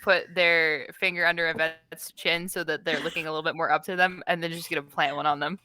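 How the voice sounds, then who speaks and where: A woman's voice: low-pitched, flat delivery, a little fast, noisy background. A woman playing a tabletop game, talking in a brash, teasing way. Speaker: player.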